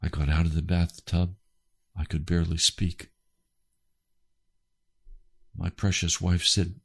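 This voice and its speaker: Gravelly low-voiced man preaching his testimony, slow and earnest. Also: level tone. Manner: impassioned, rising to cries when quoting his prayers. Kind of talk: sermon testimony.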